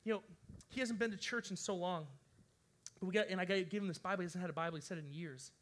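A man preaching as a pastor, telling a story in an animated, chatty way with lots of fillers. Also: sits high, fast talker. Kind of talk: storytelling sermon.

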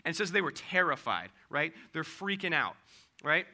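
A man's voice: a little high, sing-song, moderate pace, pushed and bright. A man giving a casual youth sermon, chatty, with many fillers and tag questions.

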